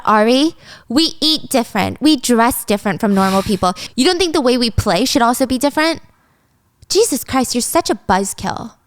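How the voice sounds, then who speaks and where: A woman voicing a careless young woman high at a party, flippant and whining. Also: no room sound, clean studio sound, natural voice.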